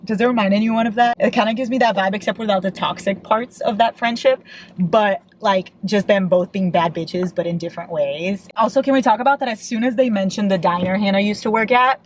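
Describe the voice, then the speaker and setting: A young woman vlogging about a book she is reading, talking from inside her parked car in a gushing, excitable way, laughing often and swearing casually. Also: medium pitch, fairly quick, slight background noise, rough recording. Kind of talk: casual read-along book chat.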